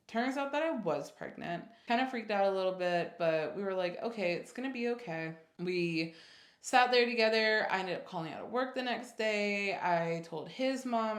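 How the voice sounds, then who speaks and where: Young woman vlogger, casual animated storyteller, mid-range voice, echoey room. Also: mid-range voice. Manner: animated retelling, acts out quotes, many fillers. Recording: roomy echo.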